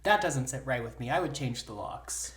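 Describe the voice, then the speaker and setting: Podcast co-host, woman, deep register, blunt reactions, roomy sound. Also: expressive. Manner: blunt, swears freely, reacts with quick asides. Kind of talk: casual chat.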